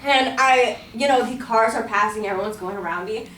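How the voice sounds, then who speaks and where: Young woman, high voice, casual filler-laden storytelling speech, acts out her own lines; echoey room, mic far off. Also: a little fast, a bit bright. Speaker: student speaker.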